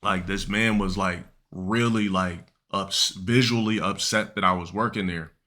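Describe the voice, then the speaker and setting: A young man streaming live tells his chat a long, rambling, profane story, restarting often and leaning on fillers. His low voice holds a steady tone, unhurried but pushed and bright.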